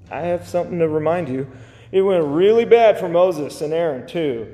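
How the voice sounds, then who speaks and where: A man's voice: fairly high pitch, very animated, normal speed, warm tone, long reverb tail. A man preaching a sermon as a pastor, pleading and impassioned, repeating his phrases.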